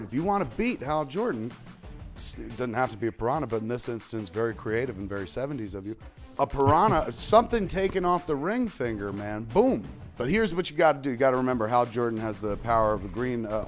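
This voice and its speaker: A man in his forties co-hosting a casual comic-book debate, animated and swinging between loud and quiet, acting out the characters he quotes. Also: medium pitch, fast, faint music behind. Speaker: co-host.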